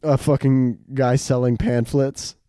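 Young man telling animated stories. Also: mid-range voice, a little slow, no echo, studio quality. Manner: animated storyteller, acts out quotes, laughs often. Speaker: podcast host. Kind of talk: casual chat.

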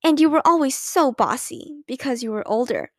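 A woman's voice: sits high, animated, moderate pace, no room sound, studio quality. A woman voicing a playful grown-up aunt who recalls childhood mischief in a storybook reading. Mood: amused.

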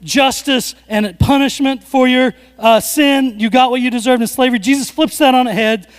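A man preaching a sermon in a very high voice, his words trailing off into the long reverb of a large hall. He tells the story with lively swings between quiet, drawn-out passages and sudden loud, emphatic bursts, drawing the congregation in. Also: clean tone. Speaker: pastor.

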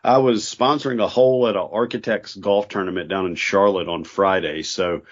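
A man with a low voice, telling relaxed stories as a podcast co-host. The audio is a bit dull and lo-fi, like a home podcast setup. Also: moderate pace. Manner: laid-back storytelling. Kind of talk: casual chat.

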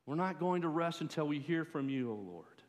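A man preaching a sermon as pastor, in a measured way that rises for pleas. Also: a little high, expressive. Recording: long hall reverb.

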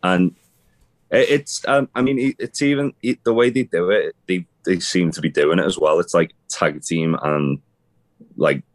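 A man's voice: low-pitched, moderate pace. A young man co-hosting a casual chat, rambling with restarts and casual swearing. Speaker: podcast co-host. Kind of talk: casual chat about wrestling.

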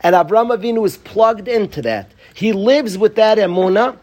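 A man's voice: high voice, moderate pace, a little mellow. A man teaching a Torah class to students, pleading and passionate, joking with them at times.

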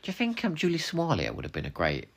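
A man's voice: on the high side, huge pitch swings, fast, vocal fry, fairly bright tone. A man co-hosting a podcast, chatting casually and animatedly, laughing often with playful asides. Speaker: podcast co-host.

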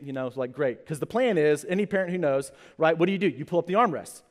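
A man's voice: on the high side, quick pace. A man in his thirties, a pastor telling a comic personal story in his sermon, acting out the people in it. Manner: animated, comic storytelling with acted-out quotes. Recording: long hall reverb.

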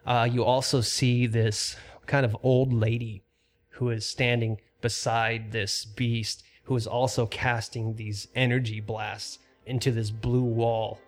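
A man narrating a tabletop role-playing game as game master, describing scenes in a calm, even way with fillers. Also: medium pitch, slow pace, soft background music.

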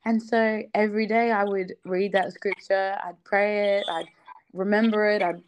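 A woman's voice: medium pitch, fairly even intonation, normal speed, slight background noise, rough recording. Chatty young woman guest from Australia. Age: young adult. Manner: chatty, laughs often, many fillers. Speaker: podcast guest. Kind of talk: casual faith podcast interview.

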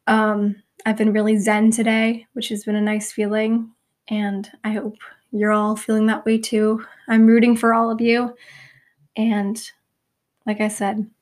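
A young woman hosting her own podcast in a rambling, self-deprecating way, full of "like" and "um", her voice going hoarse. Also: fairly high pitch, monotone, unhurried. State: losing her voice, slightly hoarse. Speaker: podcast host. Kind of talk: casual solo podcast.

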